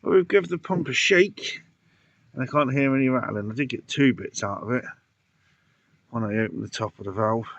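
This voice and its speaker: A man's voice: mid-range voice, fairly quick, vocal fry, a bit bright. A man casually talking through pond repairs outdoors, muttering to himself and out of breath, recorded on dull lo-fi audio. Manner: muttering, self-talking while working. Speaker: pond keeper vlogger. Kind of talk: casual DIY vlog commentary.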